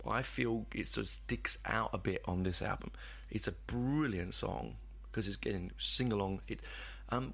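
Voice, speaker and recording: A man with a fairly low, gravelly voice hosts a music podcast on his own. He talks through an album in a loose, unscripted way, full of "um"s and restarts, and he swears casually now and then. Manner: rambling and hesitant, many fillers, casual swearing. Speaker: podcast host. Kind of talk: casual music review monologue.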